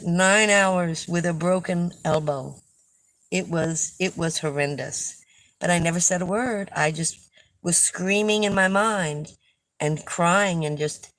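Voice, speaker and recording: A woman's voice: on the low side, a bit bright, no echo, rough recording. An older woman hosting a casual livestream, chatting and telling stories with frequent laughs. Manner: chatty, storytelling, laughs often. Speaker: livestream host reading viewer comments.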